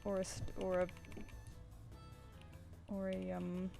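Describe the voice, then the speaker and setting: A woman's voice: mid-range voice, monotone, slow pace, creaky, mellow. Woman, Southern English accent, casual stream chat, rambling, faint background music. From England. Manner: rambling, chatty, restarts often. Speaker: streamer and artist. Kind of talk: casual chat while drawing. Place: home flat with a cat.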